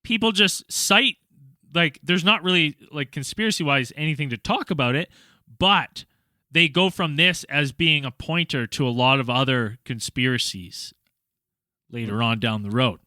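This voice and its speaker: Male podcast host, chatty and upbeat, bright tone, dry sound. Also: on the high side, moderate pace, no echo. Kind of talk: casual podcast chat.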